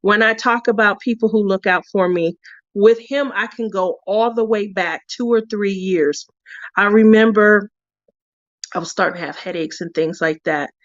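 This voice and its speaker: A woman's voice: mid-range voice, moderate pace, no room sound. A woman hosting a craft channel in casual chat, talking freely and laughing often. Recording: dull, dry lo-fi recording.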